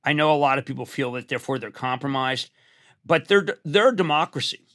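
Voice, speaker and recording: A man in his sixties, a guest in an animated conversation, rambling and excitable, rising to near-shouts. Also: medium pitch, brisk.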